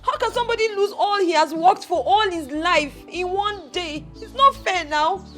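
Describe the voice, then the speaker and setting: A distraught young Nigerian daughter whose very high voice pleads and wails. Film music plays clearly beneath her lines. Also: moderate pace, sharp tone. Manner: wailing, emphatic. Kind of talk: Nollywood film acting.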